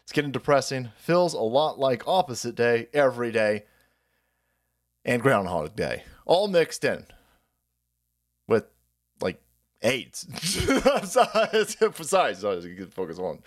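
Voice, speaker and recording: A man's voice: medium pitch, very animated, measured pace, pauses often. A man hosting a livestream, ranting in a sarcastic, profane, rambling way and often laughing between lines. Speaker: livestream host. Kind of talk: livestream rant.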